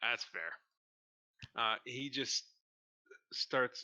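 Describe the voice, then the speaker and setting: Bright-voiced man running a tabletop game. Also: fairly low pitch, unhurried. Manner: relaxed, hesitant narration with many fillers. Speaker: dungeon master. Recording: dull lo-fi mic.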